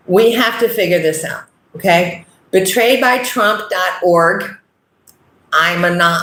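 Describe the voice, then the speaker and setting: A woman's voice: mid-range voice, a bit bright, roomy sound, poor audio. A middle-aged woman hosting a casual talk straight to her viewers, earnest and often checking in with "okay?". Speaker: host. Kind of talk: casual direct-to-camera talk.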